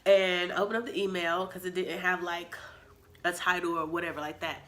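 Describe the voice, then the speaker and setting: A young woman telling a story from her teen years to the camera, with a slightly low voice. She talks with a dramatic, animated flair, acting out lines and adding sound effects as she goes. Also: moderate pace, slight background noise. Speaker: vlogger. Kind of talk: storytime vlog.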